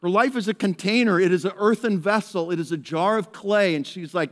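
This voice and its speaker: A male pastor preaching a lively sermon to his church, acting out people in a raised voice and dropping to a hushed tone in prayer. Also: high voice, a little fast, hardly any pauses. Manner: animated, acts out characters in raised voice, drops to hushed prayer. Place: church service.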